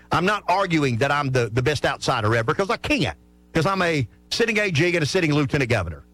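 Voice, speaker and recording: A man giving talk-radio political analysis, animated and often repeating words as he restarts. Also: fairly high pitch, quick pace. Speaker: political commentator.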